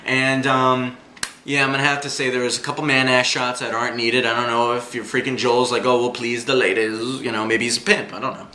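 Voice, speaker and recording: Bright-voiced, slangy male movie reviewer. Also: medium pitch, flat delivery, fairly quick. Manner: enthusiastic, slangy, joking. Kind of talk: casual movie review vlog. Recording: echoey room with faint hum.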